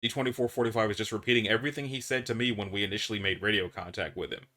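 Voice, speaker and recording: A man voicing a calm middle-aged male researcher, speaking in a measured, procedural way. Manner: measured, procedural, low-key.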